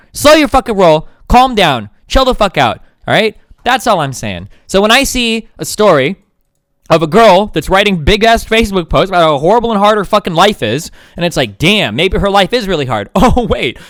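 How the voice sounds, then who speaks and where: A man's voice: high voice, a bit bright, no echo, clean studio sound. A man streaming live, ranting at length in a profane, indignant and sarcastic way. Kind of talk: heated livestream rant.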